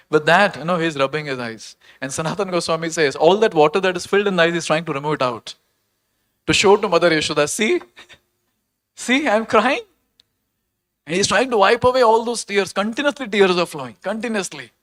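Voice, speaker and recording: A man with a slightly raised pitch tells a sacred story at a temple talk. He speaks earnestly and with animation, pausing often to ask his listeners questions. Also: fairly bright tone. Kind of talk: devotional storytelling lecture.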